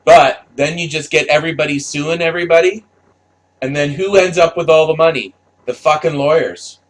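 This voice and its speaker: A man's voice: a little high, steady tone, normal speed. A man delivering a heated, profanity-filled opinion rant, stammering and repeating himself as he talks. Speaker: commentator.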